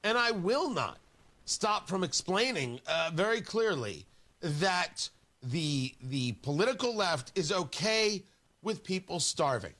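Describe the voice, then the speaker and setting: A man's voice: high-pitched, big pitch swings, slow, fairly bright tone. A man hosting a talk radio show, delivering a combative, emphatic opinion monologue into a studio microphone with hammering repetition.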